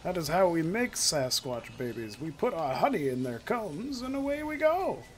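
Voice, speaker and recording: A man's voice: fairly high pitch, sing-song, moderate pace, a little hiss or hum. A man putting on a prim, indignant male sasquatch with a British accent.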